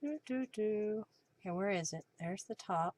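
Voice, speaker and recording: A woman's voice: mid-range voice, normal speed, darkish tone, slight background noise. A woman hosting a live crafting stream, chatting to viewers by name while narrating each step. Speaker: craft livestream host. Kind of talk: live crafting demo and chat.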